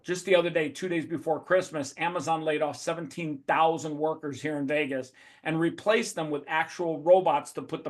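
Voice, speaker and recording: High-voiced, profane motivational man. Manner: blunt, profane, emphatic. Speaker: guest speaker. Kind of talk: motivational talk. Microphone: video call.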